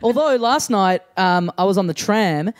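A man's voice: high voice, lively intonation, normal speed, crowd noise. An Australian man hosting a podcast, telling rambling anecdotes in casual chat and acting out both sides of each exchange. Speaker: podcast host.

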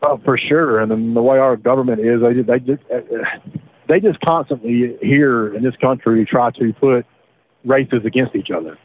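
A man, recounting his past in a halting way with repeated words, over the phone. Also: mid-range voice. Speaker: interviewee, former defendant. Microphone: phone line. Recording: tinny phone line.

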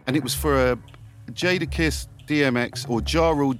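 A man's voice: mid-range voice, normal speed, soft background music. A middle-aged man, a podcast guest, telling anecdotes with gusto, swearing freely and acting out the scenes he describes.

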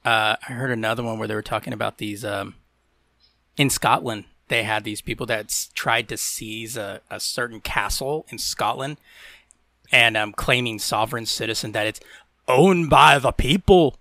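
Male podcast co-host, bright voice, dry booth sound, chatty storyteller who laughs a lot. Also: steady tone, normal speed, dry recording. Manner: laughing storyteller, mimics people in high voices. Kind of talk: casual chat.

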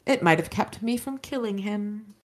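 A woman reads the part of a serious, devout knight in an earnest mood. Her expressive mid-range voice, at a moderate pace, is pitched above her natural voice yet stays close to everyday speech.

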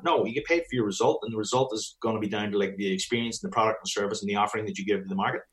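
A man's voice: lowish voice, rapid-fire, few pauses, a bit bright. A man talking as a fitness business coach in a casual chat, blunt and swearing often, acting out bits of dialogue.

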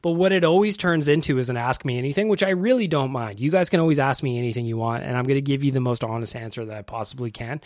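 A man's voice: fairly high pitch, no echo, studio quality. A man hosting a casual podcast, laughing often as he reacts to listener voicemails. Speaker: podcast host.

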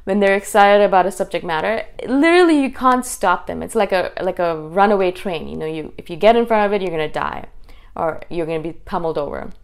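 Woman vlogger, rapid passionate delivery, smooth clear voice, casual monologue. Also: on the low side. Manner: fast, intense, animated delivery. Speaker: YouTube host. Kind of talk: casual talking-head monologue.

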